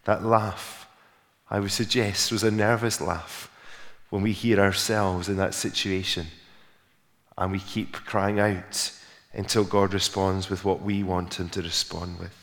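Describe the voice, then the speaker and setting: A man preaching a sermon, telling a story and lifting his voice for emphasis, then going soft and low in prayer. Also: flat delivery, measured pace, big-room sound.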